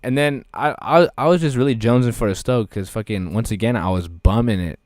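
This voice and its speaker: A man's voice: medium pitch, a little fast, no room sound, studio quality. A man co-hosting a casual podcast, telling stories with lots of swearing and acted-out voices. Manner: swears constantly, animated storyteller who acts out voices. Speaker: podcast co-host. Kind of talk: casual chat.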